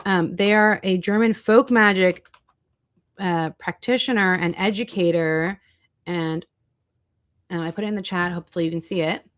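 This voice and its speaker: This livestream host, whose voice is on the lower side, speaks at a moderate pace while casually chatting with her audience, answering chat and browsing foods online.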